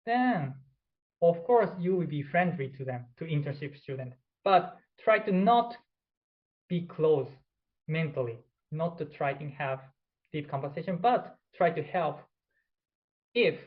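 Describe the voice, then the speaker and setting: A man's voice: a little high, lively intonation, a little slow, highs cut off. A man whose first language is Japanese, giving a presentation lecture in non-native English and demonstrating pronunciation examples. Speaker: instructor.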